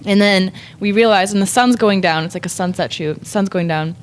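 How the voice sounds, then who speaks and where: A woman's voice: mid-range voice, brisk. A young woman, a guest artist on a podcast, telling a rambling story in casual chat, full of "like" and laughing often.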